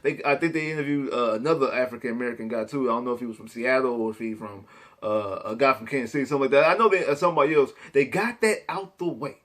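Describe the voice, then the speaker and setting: A man's voice: medium pitch, quick pace, a bit bright. A young man, ranting emphatically about football on his vlog and repeating his points. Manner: emphatic, repetitive, Southern-tinged slang. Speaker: sports vlogger. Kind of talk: opinionated sports rant.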